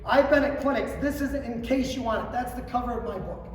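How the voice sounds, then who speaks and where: Middle-aged male clinic speaker, high voice, storytelling talk heard from a distance in a big room. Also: a little fast, slight background noise. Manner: storytelling, acting out quotes, swings from quiet to shouting. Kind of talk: motivational speech to coaches. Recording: roomy hall, distant mic, faint ambience.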